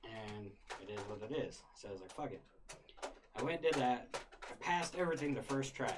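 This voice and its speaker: A man's voice: medium pitch, animated, fairly quick, heavy background noise. Laid-back young man telling stories, swearing. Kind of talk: casual storytelling chat.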